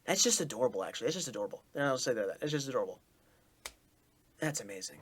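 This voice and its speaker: A man's voice: medium pitch, very animated, fast talker. Effusive man reacting to a cartoon. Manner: effusive, repeats his praise over and over; talks through restarts and stumbles. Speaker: reaction video host. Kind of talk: casual reaction commentary.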